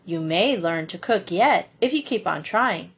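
A woman's voice: fairly low pitch, lively intonation, a little slow, gravelly, husky, full character voice. A woman reading an audiobook, voicing a grave, earnest young boy with plain country speech.

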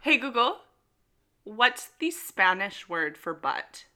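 A woman co-hosting a casual podcast, with a bright, ringing voice. Her pitch moves up and down a lot, and she sounds enthusiastic and quick to swear. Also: sing-song. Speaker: podcast co-host. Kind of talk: casual chat.

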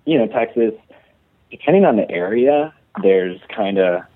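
A man's voice: fairly low pitch, animated, a little slow, dry recording. A man from Chicago, an actor being interviewed, talking casually and rambling with lots of fillers and restarts. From Chicago, USA. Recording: dry, tinny phone-like audio.

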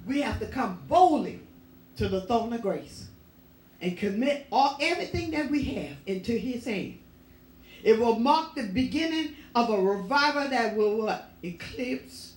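Woman preacher, emphatic and repetitive, higher voice, recorded far off in a roomy church. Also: expressive, measured pace. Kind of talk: sermon. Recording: echoey room, voice from far off.

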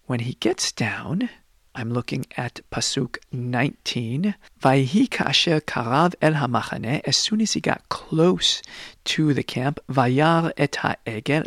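A male teacher leading a lively classroom Bible lesson, acting out the quoted voices as he explains. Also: mid-range voice, slow pace, dry recording.

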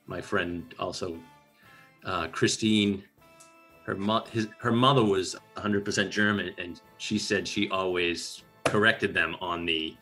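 A man with a low-set, bright, forceful voice hosts a podcast. He chats casually and keeps stopping to retell scenes. Faint music plays underneath. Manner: retells scenes and quotes lines. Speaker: podcast host. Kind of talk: casual movie discussion.

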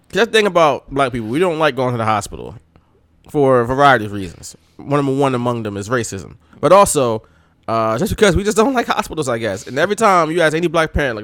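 With a fairly high voice and quick delivery, this wrestling podcast co-host launches into animated stories, raising his voice to perform the quotes. The recording is dry.

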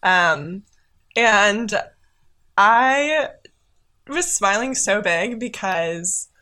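A woman co-hosts a casual podcast and tells a story with lots of laughter. Her voice is bright and sits at a medium pitch. She keeps the telling animated. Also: very slow. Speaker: podcast co-host. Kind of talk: casual chat.

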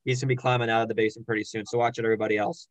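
A man's voice: medium pitch, level tone, racing, no echo, poor audio. Jokey man reading out standings, dry sound. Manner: jokey, rattles off names and standings. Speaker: podcast host. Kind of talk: casual sports podcast chat.

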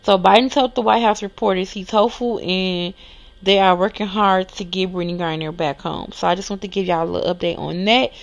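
A woman's voice: mid-range voice, steady tone, brisk, vocal fry, highs cut off. A woman hosting a solo news podcast, reading articles aloud and reacting casually. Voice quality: lisp. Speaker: podcast host.

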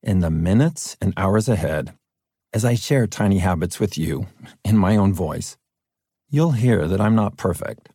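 A middle-aged man from California narrating his own audiobook in an earnest, personal way, his deep voice cracking at times. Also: lively intonation, unhurried, mellow, breathy edge, no room sound, studio quality. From Fresno, California. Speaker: author reading his own book.

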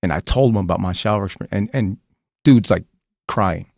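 A man, a podcast guest, candidly telling a painful personal story in a halting, emotional way, often repeating his words. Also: lowish voice, gravelly, darkish tone, no room sound, studio quality.

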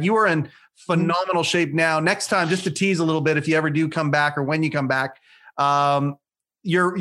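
Higher-voiced effusive male podcast host. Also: a bit bright. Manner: effusive, repeats praise and thanks. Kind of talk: podcast interview.

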